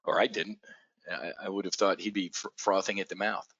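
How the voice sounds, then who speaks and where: A fairly low-voiced man with a bright, forceful tone, riffing on a live stream. He talks bluntly, swears freely and trips over his words with repeated restarts. The sound is dry and a little dull. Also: a little fast, husky, no echo. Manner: blunt and profane, stammering restarts, excitable. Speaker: trading coach hosting a live stream. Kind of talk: unscripted live stream talk.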